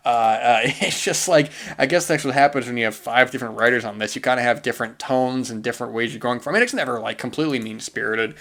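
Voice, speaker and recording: Man, podcast host, casual movie review, rambling, filler-heavy, mid-pitched voice, rising into disbelief. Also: fast talker, hardly any pauses. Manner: rambling, filler-heavy, often says "man", gets animated and incredulous. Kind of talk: casual film review monologue.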